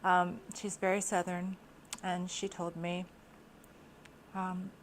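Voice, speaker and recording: A middle-aged woman vlogger chatting to camera in a casual, expressive monologue, laughing often. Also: lowish voice, slow pace, slight background noise.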